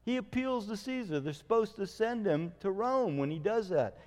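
Pastor preaching in a reverberant hall. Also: male voice, high-pitched, moderate pace. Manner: storytelling, animated retelling with acted quotes. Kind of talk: sermon.

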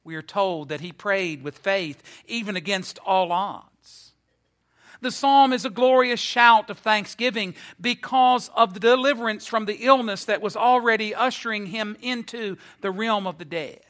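A male preacher delivers an earnest, emphatic sermon, stretching out the key phrases. His voice sits high and sounds bright and forceful. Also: measured pace.

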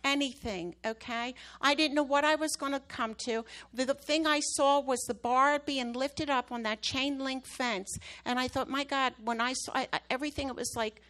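A woman's voice: high-pitched, steady tone, normal speed, hardly any pauses, fairly bright tone. A woman preaching to her church, telling a story with emphatic, rising bursts at the key moments. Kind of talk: sermon testimony.

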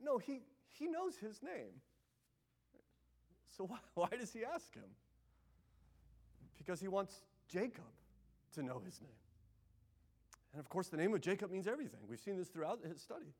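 A man preaching a sermon as pastor, moving between loud pleading passages and hushed, intimate ones. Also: high-pitched, big pitch swings, normal speed, long pauses.

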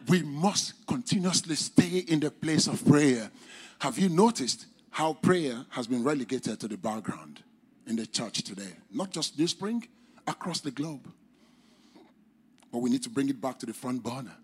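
A man preaching a sermon in English with a non-native accent, using formal, old-fashioned wording and swinging between loud, high exclamations and quiet, low drops. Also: expressive, normal speed, slightly rough. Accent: non-native English accent, speaker's own mention. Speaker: pastor.

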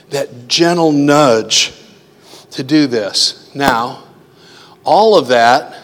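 Slow-speaking preacher in an echoing hall. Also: male voice, mid-range voice, a bit bright. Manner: conversational, asks the audience questions. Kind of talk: sermon. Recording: long hall reverb.

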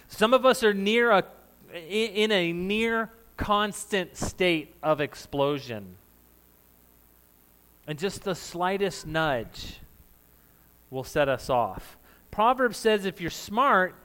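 A man with a fairly high voice preaching a sermon, loud by his own account. He talks to the congregation in a casual, conversational way. He jokes with them and laughs along. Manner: says of himself that he is loud. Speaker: pastor.

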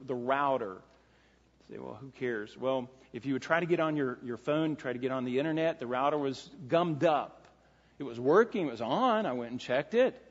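A pastor preaching to his congregation, a man with a slightly high, husky voice. He talks earnestly and repeats key phrases to drive them home. His words ring out with a long echo through a church sanctuary, on a dull, lo-fi recording. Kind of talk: sermon.

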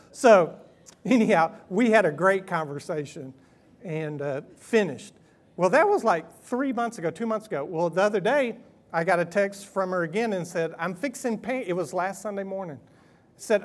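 A man's voice: sits high, lively intonation, moderate pace. A middle-aged man, a pastor telling a story in a folksy, conversational sermon, chuckling and acting out quoted texts.

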